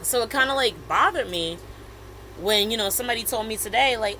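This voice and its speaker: A woman in her thirties co-hosting a podcast, chatting casually and telling a story with animated retellings of messages. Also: a little high, a little fast, a little hiss or hum, rough recording. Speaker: podcast co-host. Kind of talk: casual chat.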